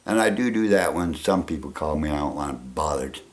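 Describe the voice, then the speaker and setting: A man with a gravelly voice talking in a rambling casual monologue, chuckling often and trailing off. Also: rumbling low, animated, brisk. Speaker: vlogger.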